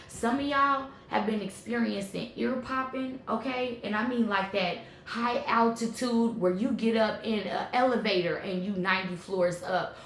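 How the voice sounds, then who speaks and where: A woman giving a tarot reading in an animated, emphatic, slangy way, checking in often with her viewers. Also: mid-range voice, echoey room, slight background noise. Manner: animated, emphatic, slangy and conversational with repeated "okay?". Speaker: tarot reader.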